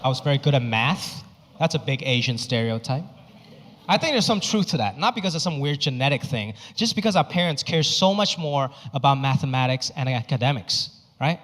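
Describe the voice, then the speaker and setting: A male stand-up comedian performing a set on a comedy club stage, animated and exaggerated, and he swears freely. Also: medium pitch, brisk. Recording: reverberant club with audience noise.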